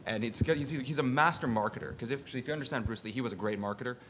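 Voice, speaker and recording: A man's voice: fast, fairly bright tone. A man speaking on a conference panel, making his points with emphatic rhetorical questions. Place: conference session room. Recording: faint background rumble.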